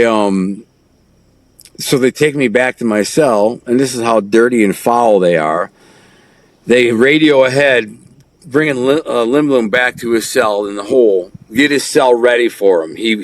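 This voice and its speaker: Middle-aged man, low-pitched, casual animated storyteller with street slang. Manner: vivid, animated retelling with acted-out quotes and street slang. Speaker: guest telling his life story.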